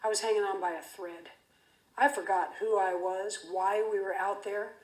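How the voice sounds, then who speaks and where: A woman's voice: mid-range voice, steady tone, moderate pace, a little hiss or hum. A woman giving a keynote speech, telling an intense story vividly with frequent restarts. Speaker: keynote speaker. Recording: roomy echo.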